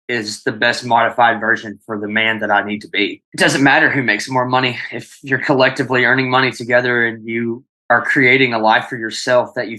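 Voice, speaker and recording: A man's voice: medium pitch, pushed and bright, rough recording. A man, answering earnestly as a podcast guest, restarting his sentences. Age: 30s. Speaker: guest, one half of a couple. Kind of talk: candid conversation on a podcast.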